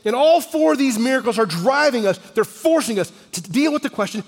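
A man in his forties preaching with a fairly high voice, telling the story animatedly and sometimes sinking almost to a whisper for weight. His words ring out with a long reverb that carries through a large hall. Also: fairly quick. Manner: animated storyteller, drops to a near-whisper for emphasis. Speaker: pastor. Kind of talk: sermon storytelling.

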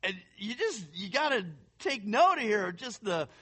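A man preaching a sermon, reading scripture aloud and talking to his listeners in a conversational, animated way. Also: high-pitched, moderate pace, husky. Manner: conversational, addresses listeners as friends; animated, puts on quoted voices while reading. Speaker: pastor.

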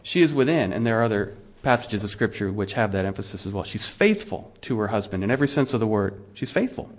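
A man's voice: on the low side, animated, quick pace. A middle-aged male pastor preaching a sermon in a conversational way, asking his listeners questions and often restarting his words. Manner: frequent restarts and repeated words.

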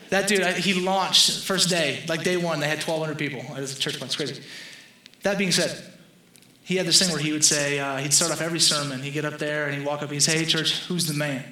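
High, bright-voiced man preaching. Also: echoey room, poor audio. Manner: conversational, jokes with the congregation. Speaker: pastor. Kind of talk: sermon.

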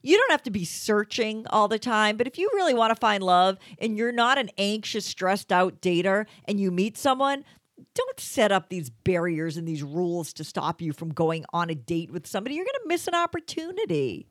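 A woman's voice: mid-range voice, big pitch swings, moderate pace, no room sound. A middle-aged woman co-hosting a dating podcast, giving advice off the cuff in a chatty, opinionated way. She sounds close to the mic in a dry, dead room. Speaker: podcast co-host. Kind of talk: casual chat.

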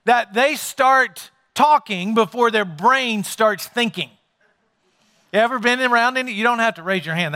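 Man, pastor, sermon, church, high voice, conversational, joking with the congregation. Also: bright, forceful tone.

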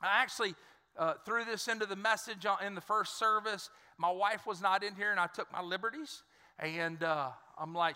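Preaching to his congregation at normal speed, this pastor has a high-pitched voice that is sharp, clear, and resonant. The recording carries the reverb of a church sanctuary as he speaks emphatically, repeats words, and calls out for responses.

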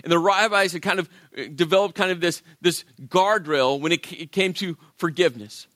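A male pastor preaching a sermon in an animated way, acting out the voices of biblical characters. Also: sits high, a little fast, dry recording, studio quality.

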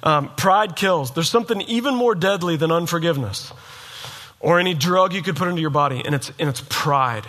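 A middle-aged man preaching a sermon, emphatic and animated, sometimes mimicking his listeners in mock voices. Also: a little high, brisk. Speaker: pastor.

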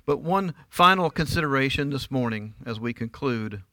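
A man's voice: mid-range voice, animated, normal speed, sharp tone, no room sound. A middle-aged man preaching a sermon in church, emphatic and often asking his listeners rhetorical questions. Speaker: pastor.

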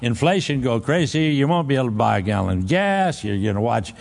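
A man's voice: mid-range voice, lively intonation, fairly quick, vocal fry, long reverb tail. A man preaching a conversational sermon, humorous and full of restarts and laughter.

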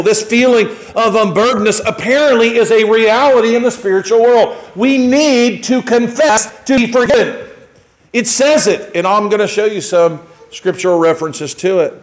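A man's voice: high voice, normal speed, few pauses, rough recording. A man preaching a conversational sermon to his congregation, acting out short everyday exchanges as he goes. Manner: conversational, acts out little quoted exchanges. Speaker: pastor.

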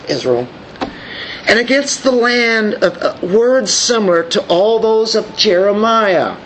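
High-voiced man preaching a sermon. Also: a bit bright, slight background noise, low-quality recording. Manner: reads scripture aloud, then asks the congregation questions. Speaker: pastor.

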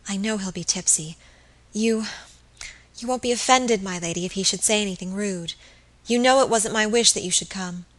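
A woman reading an audiobook, voicing a timid, conciliatory young servant woman who speaks hesitantly and softly. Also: medium pitch, normal speed, lightly acted. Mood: anxious. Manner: hesitant, soft, pleading.

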